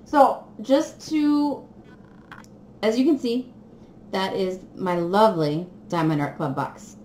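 In an unhurried way, the excitable crafting vlogger gushes over her unboxing in a casual chat, pitch swooping as she giggles. Her space sounds echoey and a light hiss runs behind her.

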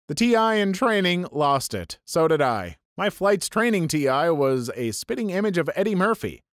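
Guy reading reddit-type stories, bouncy lively voice, a bit high, snarky little asides, dry close sound. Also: normal speed, few pauses, dry recording. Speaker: story channel narrator. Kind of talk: reading online stories aloud.

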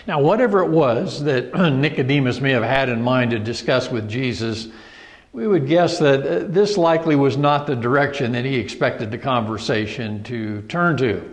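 A man preaching a sermon, reading scripture slowly and deliberately with emphatic pauses. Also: medium pitch, long reverb tail.

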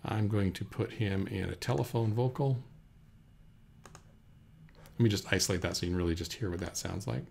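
Gravelly man talking through a tutorial. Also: fairly low pitch, normal speed, pauses often, a little hiss or hum. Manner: relaxed, talks through steps with fillers. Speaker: teacher. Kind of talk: screen-recorded software tutorial. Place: indoors at a computer. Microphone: USB desk microphone.

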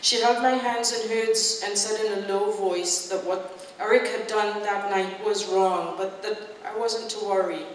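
A woman's voice: medium pitch, steady tone, a little slow, far from the mic, a little hiss or hum. Woman reading fiction in an echoey hall. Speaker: author reading her fiction. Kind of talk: live literary reading. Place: festival event hall.

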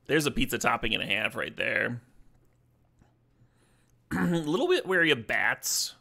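A man streaming a card game draft, talking casually in a playful, joking way and swearing when excited. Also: mid-range voice, a little slow, gravelly, pauses often.

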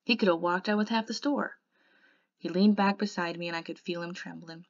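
A woman reading a novel aloud in an expressive way, softening to a hush in the quiet passages. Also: on the low side, brisk. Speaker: audiobook reader. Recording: dull lo-fi recording.

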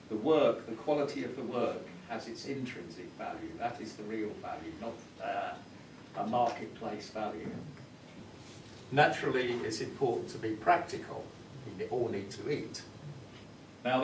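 Man lecturing in an echoey classroom. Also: medium pitch. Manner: thoughtful, storytelling, instructive. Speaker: visiting professor leading a music workshop. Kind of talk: workshop lecture. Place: university classroom. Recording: roomy classroom from far off, noisy.

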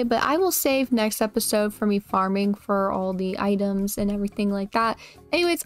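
A young woman chatting casually as she plays and comments on an online game, upbeat and full of fillers and repeated phrases. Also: high voice. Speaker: gaming YouTuber.

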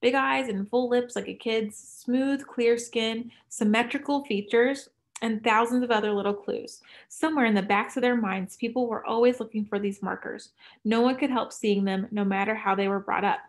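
A woman narrating an audiobook in a measured way, dropping to a hush in tense moments. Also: fairly high pitch, steady tone. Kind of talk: scripted narration.

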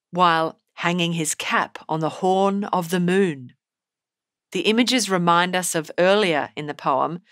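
A woman teacher giving a scripted poetry lesson in a measured, explanatory way. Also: on the low side, a bit bright, no echo, clean studio sound. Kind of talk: scripted narration.

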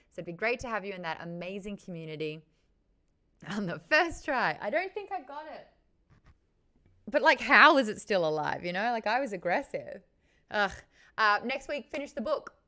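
A young woman with an Australian accent, hosting a book club livestream in chatty, offhand talk full of quick asides. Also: mid-range voice, sharp tone. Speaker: host of a book club stream. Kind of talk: casual livestream chat.

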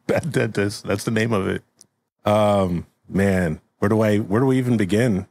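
Male podcast host, lower register, loose rambling banter. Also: moderate pace, gravelly, a little mellow, no echo. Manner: laid-back, rambling, laughs often. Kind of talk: casual chat.

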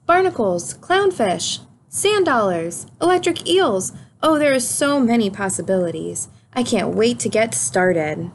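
A woman reading aloud as a gentle, polite male hermit crab in a children's storybook, with a bright, admiring voice. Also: on the high side, animated, unhurried, hardly any pauses, slight background noise. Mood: excited.

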